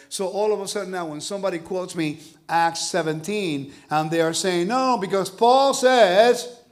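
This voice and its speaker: A man teaching a congregation, lively and animated, often asking his listeners questions. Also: high voice. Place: congregation hall.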